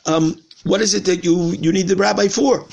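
A man voicing a busy rabbi in a story, eager and questioning, in his own husky, gravelly voice. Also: sits high, fairly even intonation, moderate pace, a little mellow, full character voice. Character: busy, surprised rabbi, grateful and curious.

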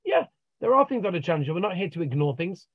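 A man with a somewhat high voice tells motivational stories as a life coach and acts out the dialogue. He speaks over a video call. The sound is dull, dry and close. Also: very animated, fast, no echo. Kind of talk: motivational storytelling.

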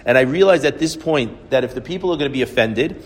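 A man's voice: medium pitch, expressive, fast talker, big-room sound. A male rabbi giving a reflective, storytelling sermon. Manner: storytelling, reflective, quotes others at length.

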